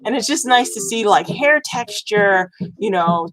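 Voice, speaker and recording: A woman's voice: mid-range voice, animated, unhurried, a bit bright, soft background music, rough recording. A woman chatting casually about video games on her vlog, rambling with many fillers and restarts. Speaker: gaming news vlogger. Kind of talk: casual chat.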